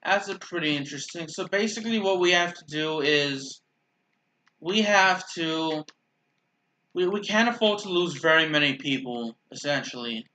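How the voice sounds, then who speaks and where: A man with a bright, forceful voice pitched a little high talks through a video game match in loose, unscripted commentary. He rambles and restarts his sentences, and drops dry sarcastic asides about his teammates. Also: moderate pace, slight background noise. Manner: rambling, self-correcting, dryly sarcastic. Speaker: gaming channel host. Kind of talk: casual gameplay commentary.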